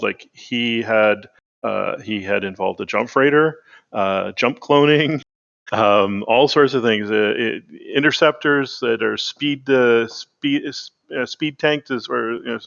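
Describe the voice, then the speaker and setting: A man's voice: medium pitch, measured pace, creaky, a bit bright, lo-fi sound. A man co-hosting a gaming podcast, rambling with lots of fillers and self-corrections. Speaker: podcast co-host. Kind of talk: casual gaming podcast chat.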